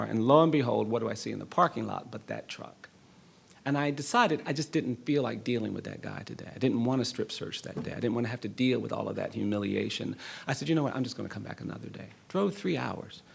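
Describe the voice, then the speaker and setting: A middle-aged man, a law professor, gives a public lecture and tells a personal story in an earnest, measured way with rising emphasis. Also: medium pitch, expressive, gravelly, slight background noise. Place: lecture hall.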